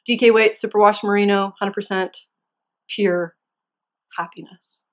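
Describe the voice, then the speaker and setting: A young adult woman hosting a knitting podcast from home, chatting casually to camera with giggles and excitable asides. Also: medium pitch, measured pace, highs cut off.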